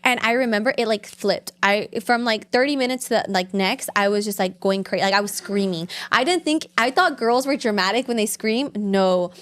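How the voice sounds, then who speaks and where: A woman's voice: medium pitch, moderate pace, few pauses, fairly bright tone. A young woman guest in a casual chat, rambling through a personal story full of "like" and acted-out quotes. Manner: rambling, heavy on "like", acts out quotes. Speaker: podcast guest.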